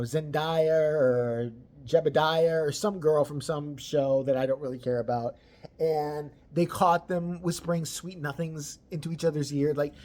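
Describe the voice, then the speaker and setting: Crude sarcastic rant, constant swearing, mocking tone, loud bursts then mutters. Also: mid-range voice. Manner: swings between loud outbursts and mutters. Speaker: celebrity gossip commentator. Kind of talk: profane ranting commentary.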